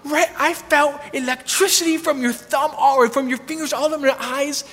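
A man voicing a startled, nearly blind woman just out of jail, asking urgent, excited questions. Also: high-pitched, normal speed, voice pushed up. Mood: amazed. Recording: long hall reverb.

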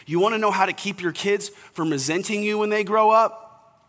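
Male pastor, young adult, earnest conversational sermon, bright tone, long hall reverb. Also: high-pitched, moderate pace. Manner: earnest, conversational preaching to fathers.

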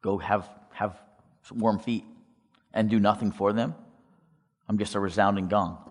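A man with a very low voice tells a story to a congregation, slipping into the voices of the people he quotes. He asks the crowd questions now and then, and his voice rings with the long reverb of a large hall. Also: fairly even intonation, a little slow. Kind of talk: testimony talk to a congregation.

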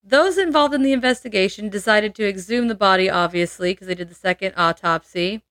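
A woman's voice: medium pitch, a little fast, a bit bright, dry recording, studio quality. A woman hosting a podcast, telling a true-crime story in casual chat, laughing often and adding playful asides.

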